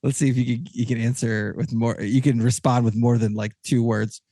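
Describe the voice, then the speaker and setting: Rambling excitable man with a gravelly voice. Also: mid-range voice, brisk, no echo, studio quality. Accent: Texan. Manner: rambling, excitable, many restarts. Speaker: podcast host. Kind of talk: casual podcast chat.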